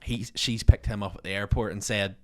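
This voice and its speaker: A man's voice: fairly low pitch, steady tone, a little fast, fairly bright tone, dry recording, studio quality. An Irish man hosting a podcast, bantering casually, full of "yeah"s and crude jokey asides. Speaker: podcast host.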